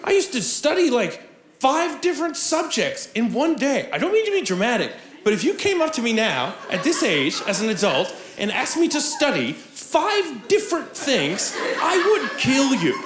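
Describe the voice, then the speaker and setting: High, animated man doing stand-up. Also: normal speed. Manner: animated, breaks into shouting for punchlines; laughs at his own jokes. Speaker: stand-up comedian. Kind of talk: live stand-up set. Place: theatre stage before a live audience. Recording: echoey theatre with audience noise.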